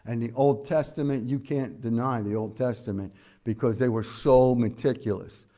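A pastor delivers a verse-by-verse sermon in a warm, relaxed tone at an ordinary middle pitch. He talks to his congregation conversationally, often filling pauses with "uh" and putting questions to them. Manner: preaches conversationally with frequent "uh" fillers; explains scripture verse by verse, asking the congregation questions. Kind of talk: expository sermon.

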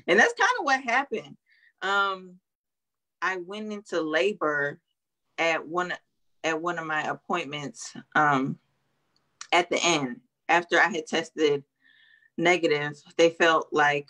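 A young woman on a video call, earnestly telling her story as an interview guest and often pausing with ums. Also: deep voice, expressive, bright, forceful tone. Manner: earnest, hesitant with many ums. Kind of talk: emotional interview testimony.

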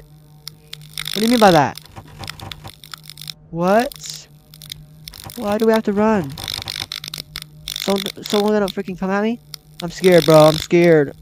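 A young man hosting a horror game let's play, easily startled and talking to himself and his viewers as he goes. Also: high voice. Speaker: gaming channel host.

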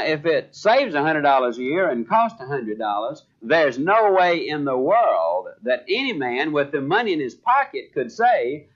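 An older man, a sales trainer giving a motivational speech, telling a story and voicing the people in it. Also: high-pitched. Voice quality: animated storyteller voicing dialogue. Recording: dull lo-fi speech recording.

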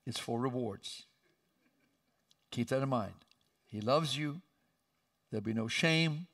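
A male pastor preaching a sermon with emphatic delivery and sudden loud, high outbursts, recorded in a church sanctuary. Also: slow pace, vocal fry, distant mic.

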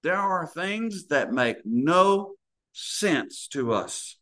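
A man's voice: a little high, very animated, extremely slow, fairly bright tone. A man preaching a sermon, telling stories and acting out the voices in them. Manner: storytelling preacher, acts out voices in anecdotes.

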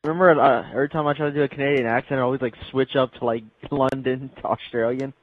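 A man's voice: mid-range voice, fairly even intonation, quick pace. A young man chatting as a friend in a gaming session, joking and laughing often, heard over a tinny party-chat line. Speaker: co-player friend. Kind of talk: casual chat while playing a game.

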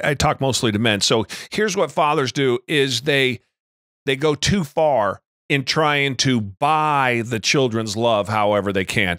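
Brief: man hosting a podcast, measured questions, dry close-mic sound. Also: mid-range voice, fairly bright tone, no room sound. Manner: measured, mostly short backchannel replies. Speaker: podcast host. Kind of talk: interviewing.

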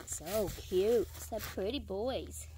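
A woman's voice: medium pitch, slow pace, background noise. A woman, a dog breeder, casually narrating a video and talking to her puppies in sing-song baby talk. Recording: loud puppy whimpers behind. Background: puppies whimpering.

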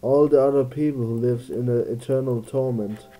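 Very dark-voiced man thinking aloud. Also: medium pitch, steady tone, normal speed. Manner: musing, thinking aloud, jokey asides. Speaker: let's play gamer. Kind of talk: casual gameplay commentary.

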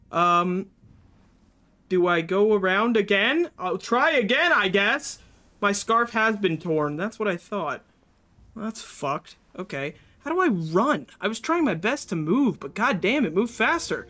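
A man's voice: sits high, animated, measured pace, pushed and bright. A young man streaming live, giving jittery, panicky commentary as he plays and talks to his chat.

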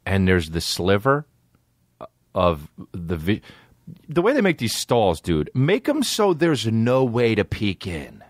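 A man, a podcast host telling stories in a casual, animated way, swearing a lot and acting out voices. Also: fairly low pitch, slow pace, no room sound, studio quality. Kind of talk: casual storytelling.

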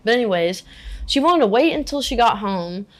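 Young woman, halting and emotional. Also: on the high side, lively intonation. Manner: halting and emotional, many filler "like"s. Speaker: interviewee. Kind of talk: candid personal interview.

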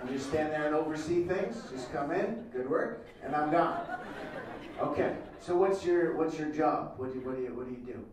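A man's voice: on the high side, lively intonation, noisy background. Teasing male comedian in a roomy hall. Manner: teasing, playful, quick banter with audience members. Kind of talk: improvised crowd work. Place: event hall with a laughing audience. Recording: roomy, distant mic with loud crowd laughter.

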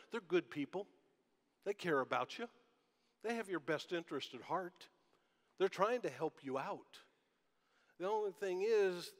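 A man preaching a sermon as pastor, talking in a conversational way and asking the congregation rhetorical questions. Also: fairly high pitch. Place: church sanctuary. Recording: long church hall reverb.

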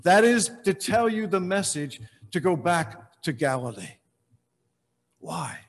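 A man preaching slowly in a large church, his voice carried by a long reverb. He sits a little high for a man and tells the story with long dramatic pauses, often letting phrases fall away to a hush. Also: big pitch swings. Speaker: pastor. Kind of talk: sermon.

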